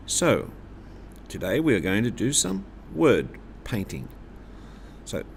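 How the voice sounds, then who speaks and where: A man teaching a choir lesson to students, speaking deliberately and swooping his voice up and down to demonstrate intonation. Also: a little hiss or hum. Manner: slow, deliberate, exaggerates pitch to demonstrate. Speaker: music teacher.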